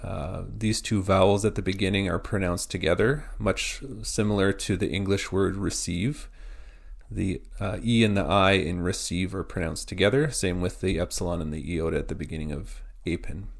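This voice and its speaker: A man teaching a pronunciation lesson, spelling out words letter by letter in a slow, methodical way. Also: deep voice, fairly even intonation, vocal fry.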